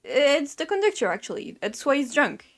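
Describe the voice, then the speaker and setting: Giggly young woman, higher voice. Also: big pitch swings, moderate pace. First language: French. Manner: giggly, swears freely, chatty and playful. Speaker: let's play streamer. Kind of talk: casual gameplay commentary, reading dialogue aloud. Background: faint game music.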